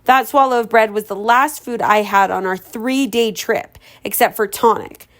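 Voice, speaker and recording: Homemade audiobook reader, woman, chatty and giggly, voice a bit high. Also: moderate pace, a bit bright. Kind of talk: amateur audiobook reading.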